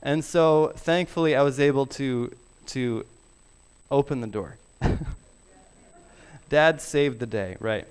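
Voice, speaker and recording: A middle-aged man preaching a sermon, emphatic and deliberate, sometimes dropping his voice very low. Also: smooth. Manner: slow, emphatic preaching with soft drops to near whisper. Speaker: pastor.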